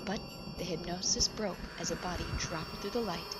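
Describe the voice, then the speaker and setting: A woman narrating her own story as an audiobook, in a lively, dramatic manner. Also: lowish voice, moderate pace, loud music behind the voice, poor audio. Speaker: fiction reader.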